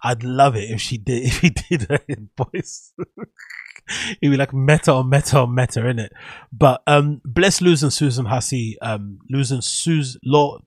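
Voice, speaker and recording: A man's voice: medium pitch, husky, no echo. A man hosting a solo podcast, rambling through opinionated hot takes and swearing casually. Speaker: podcast host.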